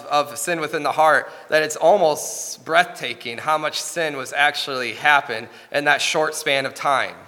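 A man in his thirties preaching, earnest and halting as he tells a story from home. His voice sits a little high and sounds bright and forceful. A long reverb trails each phrase, as if he is in a large hall. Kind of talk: sermon with family anecdote.

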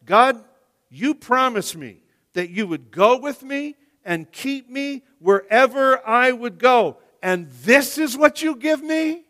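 A preacher voicing an indignant patriarch pleading with God. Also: male voice, very high-pitched, expressive, slow pace, bright, forceful tone, pitched above the performer's own voice, exaggerated voice. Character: distressed biblical patriarch complaining to God. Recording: echoey hall reverb.

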